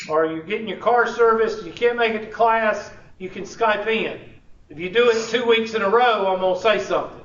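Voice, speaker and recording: A man's voice: sits high, a bit bright. A man, teaching a college class in a casual, joking way. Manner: casual, joking, drawling with y'all. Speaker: college instructor. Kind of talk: classroom instruction. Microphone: room recording from a distance. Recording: echoey, distant, dull classroom recording.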